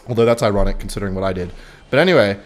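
A man's voice: on the low side, very fast. A young man giving casual, rambling commentary over a mobile strategy game while telling a story about his neighbor. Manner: chatty, rambling, switches between game calls and anecdote. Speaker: gaming video creator.

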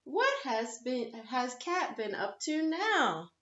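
A woman's voice: high-pitched, sing-song, takes it slowly, a bit bright, exaggerated voice. A woman voicing a bewildered farm cow in a picture-book reading. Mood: puzzled. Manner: puzzled, bewildered. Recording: echoey, slightly dull room.

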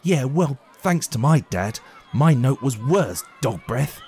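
A man's voice: mid-range voice, expressive, slow pace, darkish tone, slight background noise, voice pushed up. A man voicing a grumpy, stubborn schoolgirl who snaps back in a storybook reading. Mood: snapping. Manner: snappy, defiant.

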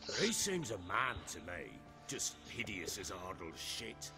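A man's voice: low voice, very animated, a little slow, heavily acted. An actor playing a boastful middle-aged warlord baron in a video game, blustery and coarse as he tells his stories. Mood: gruff. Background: game music.

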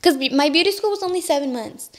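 Young woman, high voice, podcast guest, emotional casual storytelling, mixes English and Spanish. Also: expressive, fast. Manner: emotional, switches between English and Spanish, heavy use of "like".

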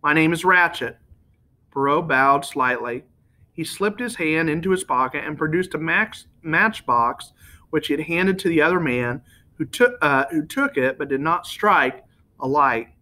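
A man reads a novel aloud in a home-made audiobook style, now and then tripping over a word and correcting himself. His voice is bright and sits a little high. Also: animated, measured pace. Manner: reads with small slips and self-corrections. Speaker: audiobook reader.

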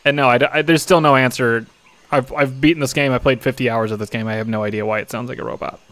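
A man's voice: mid-range voice, fairly even intonation, fast, a bit bright. A young man hosting a casual co-op game stream, laughing often and explaining the controls to his partner. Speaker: streamer and host. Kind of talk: casual co-op gaming chat.

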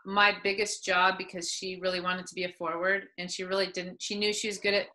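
Bright-voiced woman coach telling stories. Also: medium pitch, brisk, poor audio. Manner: animated, acts out quoted people. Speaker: soccer head coach, interview guest. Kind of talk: casual interview, storytelling.

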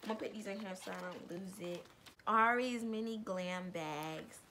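A woman's voice: on the low side, normal speed, creaky, pushed and bright, slight background noise. A young woman vlogging an unboxing, gushing and bubbly, full of slang and "like". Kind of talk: excited unboxing vlog.

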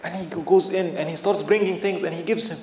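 A man giving a religious lecture in an animated way, often asking his listeners rhetorical questions. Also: fairly high pitch, fast talker, slight background noise. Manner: animated, asks the audience frequent rhetorical questions. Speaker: Islamic teacher. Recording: echoey room with faint ambience.

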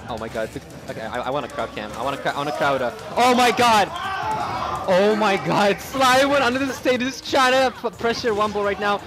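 Excitable young commentator, wildly swooping pitch. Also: male voice, brisk. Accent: Canadian English. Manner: excitable, shouting and stammering at big moments. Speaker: tournament commentator. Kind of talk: excited esports play-by-play commentary. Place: loud tournament venue with a cheering crowd. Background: crowd cheering and music.

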